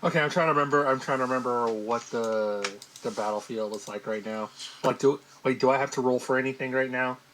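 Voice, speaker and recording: Unsure player, mid-range voice, faint hiss on the line. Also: male voice, medium pitch, fairly quick, fairly bright tone, rough recording. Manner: hesitant, many fillers. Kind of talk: casual tabletop play.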